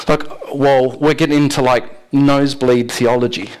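A man's voice: mid-range voice, fairly even intonation, moderate pace, hardly any pauses, a little mellow, clean tone, rough recording. A man preaching a sermon in a conversational way, asking the congregation rhetorical questions and often laughing. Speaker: pastor.

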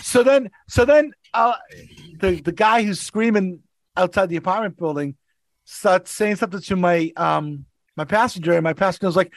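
A man's voice: sits high, moderate pace, no room sound. A man, a regular on a podcast, telling rideshare stories in casual chat and acting out the people in them. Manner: animated, acts out voices in his anecdotes. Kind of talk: casual storytelling.

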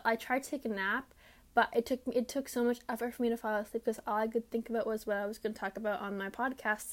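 A young woman hosting her own podcast alone, rambling casually and mocking herself with lots of fillers. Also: fairly high pitch. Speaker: podcast host. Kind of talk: casual solo podcast chat. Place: her room.

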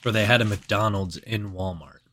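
A man's voice: on the low side, normal speed, background noise. A young man co-hosting a casual podcast, telling rambling anecdotes and laughing at his own stories. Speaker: podcast co-host. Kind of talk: casual storytelling chat.

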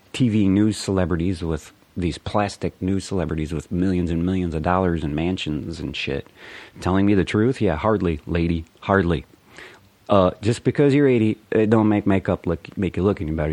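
A man's voice: low-pitched, a little mellow, no room sound. A man delivering a profane, rambling, sarcastic political rant. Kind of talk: ranting political monologue.

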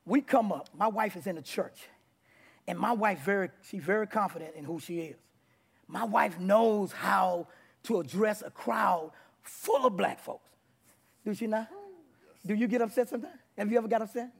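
Gravelly high-voiced preaching man. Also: moderate pace. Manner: animated preaching with shouts and laughs. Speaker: pastor. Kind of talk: sermon. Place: church in front of congregation.

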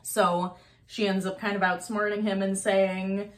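A woman co-host recaps and weighs in on a film in a loose, talkative way and sprinkles "like" through her sentences. Her voice sits at a middling pitch for a woman. She states her opinions plainly. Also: flat delivery, unhurried. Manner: chatty and opinionated, with frequent "like"s. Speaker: podcast co-host. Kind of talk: casual movie review chat.

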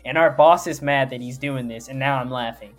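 A man's voice: medium pitch, a little fast. A man guesting on a podcast, chatting casually in a playful, story-telling way. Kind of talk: casual chat.

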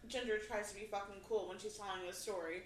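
A woman's voice: mid-range voice, fairly even intonation, fast. A woman co-hosting a comedy podcast, teasing her co-host and swearing in casual banter. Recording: roomy echo with faint background hiss.

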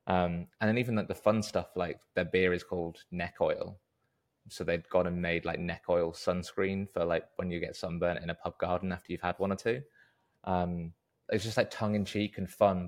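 A British man with a very low, gravelly voice talks through a casual podcast chat. He rambles, restarts his sentences and pokes fun at himself as he goes. His tone stays loose and conversational throughout. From Britain. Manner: rambling, self-deprecating, restarts often. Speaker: podcast co-host.

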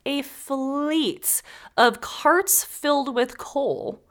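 A woman's voice: sits high, extremely slow. A woman hosting a podcast, telling a story in casual chat, acting out the people in it and swearing freely. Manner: animated, acts out characters and knocks, swears freely. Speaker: podcast host.

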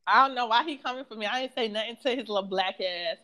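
Bright higher-voiced woman with blunt comebacks. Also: fast talker. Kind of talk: casual chat.

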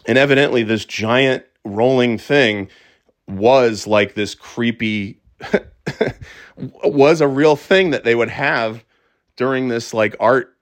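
Excitable, cursing middle-aged man. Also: medium pitch. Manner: excitable, swears freely, trips over restarts. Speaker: podcast host. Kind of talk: casual monologue.

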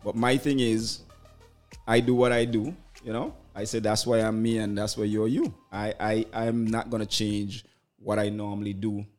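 A man on a casual group chat show, telling a personal story in a slow, measured way. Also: on the low side, little pitch movement, a little mellow, soft background music.

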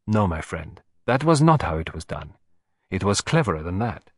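A man's voice: deep voice, sing-song, normal speed, no echo, clean studio sound, voice pushed down. A man voicing a fussy, shrewd older Belgian detective, precise and self-satisfied in his delivery. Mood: coy.

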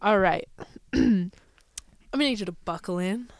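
A woman's voice: medium pitch, measured pace, no room sound, clean studio sound. A woman co-hosting a podcast in casual chat, playful and sarcastic, often laughing. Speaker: podcast co-host.

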